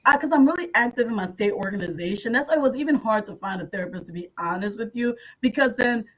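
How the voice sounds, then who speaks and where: A woman's voice: a little high, fast talker, low-quality recording. A woman who is a psychologist, candidly telling a personal story on a podcast and acting out what others said. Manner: candid, animated when quoting others. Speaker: podcast guest speaker, psychologist.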